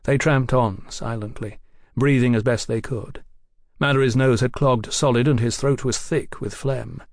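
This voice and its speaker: A man narrating an audiobook in an even, unhurried way. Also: mid-range voice, no echo, studio quality. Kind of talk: scripted narration.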